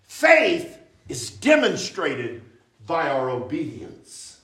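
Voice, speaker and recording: A man preaching a revival sermon with emphasis and repetition, rising at times to sudden shouts. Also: fairly high pitch, huge pitch swings, extremely slow. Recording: roomy church echo.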